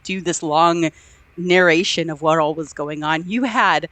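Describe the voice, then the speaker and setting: A woman's voice: low voice, measured pace, a bit bright, no echo. A woman co-hosting a podcast, enthusiastically retelling film scenes with acted-out quotes and frequent laughter. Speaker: podcast co-host. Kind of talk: casual film discussion.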